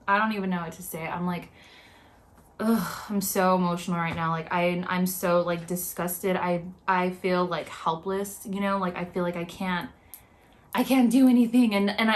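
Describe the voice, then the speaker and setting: A young woman talks straight to her viewers in an upset, halting way. She circles back on her words and fills the gaps with constant filler words. Her voice sits in a middle pitch. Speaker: vlogger. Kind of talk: emotional reaction commentary.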